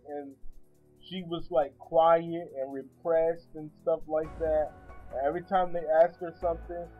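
High-pitched guy rambling thru a sarcastic movie review, kinda muffled sound w faint music behind. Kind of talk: casual spoken movie review. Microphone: sitting back from the microphone.

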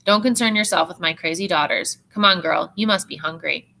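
A woman's voice: fairly low pitch, fairly quick, vocal fry, pushed and bright. A woman reading aloud as a strict older aunt, talking in a commanding, scolding way.

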